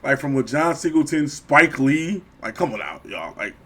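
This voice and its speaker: A man's voice: a little high, lively intonation, moderate pace, sharp tone, slightly rough. A middle-aged man co-hosting a podcast, talking casually and profanely, often acting out quoted voices. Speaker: podcast co-host. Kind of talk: casual chat.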